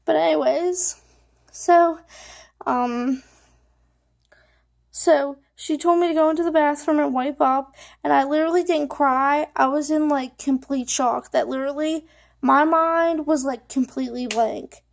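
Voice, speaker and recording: High, gravelly-voiced young woman vlogger. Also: unhurried. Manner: rambling, many fillers like "like" and "you know"; emotional, holding back tears. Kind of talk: personal storytelling to camera.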